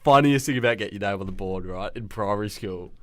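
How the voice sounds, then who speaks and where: Young man, podcast co-host, chatty and animated, quotes people in put-on voices, dry close sound with no room echo. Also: fairly low pitch, quick pace. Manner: animated storyteller acting out quotes. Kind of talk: casual chat.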